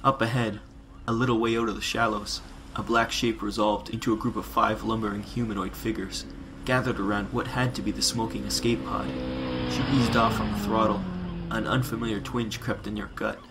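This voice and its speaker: A man narrating science fiction in a measured, dramatic reading. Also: fairly low pitch, steady tone, background noise.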